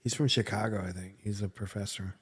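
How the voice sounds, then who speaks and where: A man's voice: on the low side, fairly even intonation, fast, husky, dry recording. Man, podcast co-host, casual chat, rambling, filler words, dry recording. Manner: rambling comic-book storyline recaps full of fillers.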